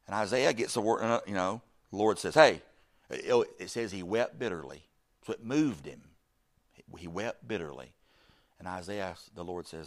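Lively, low-voiced man preaching a sermon. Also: moderate pace. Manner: animated, swings from loud bursts to soft, low asides; acts out quoted speech in the story.

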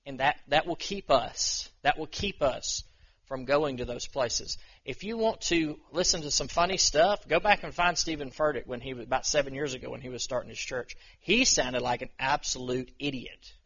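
A man's voice: medium pitch, normal speed, a bit bright, breathy edge, muffled recording. A man giving an informal, conversational sermon to a small church group, self-deprecating and full of restarts. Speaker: pastor.

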